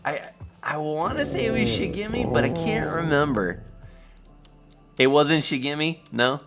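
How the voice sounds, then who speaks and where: Male streamer, casual rambling chat, acts out quoted voices, unhurried. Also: on the high side, animated, over loud music.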